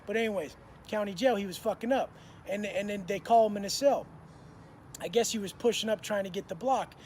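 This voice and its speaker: A man's voice: high voice, a little fast, a little mellow, slight background noise. A man in his thirties telling prison stories in a blunt, profane, slang-heavy way. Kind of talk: casual storytelling to camera.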